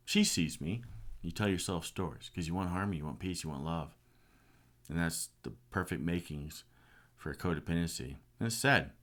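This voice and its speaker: A man's voice: low voice, moderate pace, a bit bright. A middle-aged man giving an earnest, passionate personal testimony. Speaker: speaker sharing a personal story.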